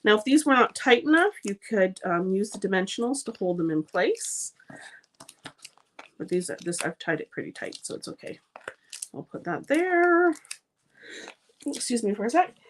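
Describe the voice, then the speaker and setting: A woman talks viewers through a stamping and card-making project live, at an ordinary pitch. She is chatty and gushes over each step, with plenty of ums along the way. A faint hiss sits under her voice. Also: big pitch swings, normal speed, pauses often. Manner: chatty, gushing, frequent ums. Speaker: card-making channel host. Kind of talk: live crafting demonstration.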